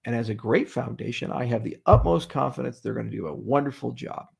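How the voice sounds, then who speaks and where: A man's voice: mid-range voice, fairly quick, vocal fry, slightly rough. A man hosting a casual livestream Q&A, reading viewer questions and answering in a sarcastic, joking way with frequent swearing.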